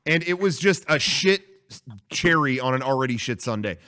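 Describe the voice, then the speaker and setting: A man's voice: medium pitch, lively intonation, moderate pace, bright, forceful tone. A man co-hosting a casual podcast, telling a rambling story with frequent swearing. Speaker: podcast co-host.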